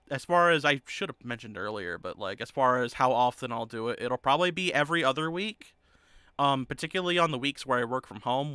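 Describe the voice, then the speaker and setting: A man's voice: medium pitch, pushed and bright, clean tone, no echo, clean studio sound. A male streamer chatting casually and rambling loosely between clips. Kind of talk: casual chat.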